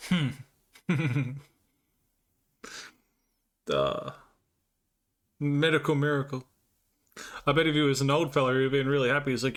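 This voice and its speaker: A man's voice: mid-range voice, lively intonation, measured pace, pauses often. A man livestreaming and chatting casually, telling crude, laughing anecdotes and answering chat.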